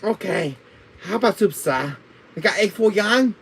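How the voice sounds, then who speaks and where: A man's voice: extremely high pitch, big pitch swings, extremely slow, warm tone, a little hiss or hum, pitched above the performer's own voice, heavily acted. A man voicing a pushy takeout restaurant clerk in an exaggerated put-on voice, hawking the menu.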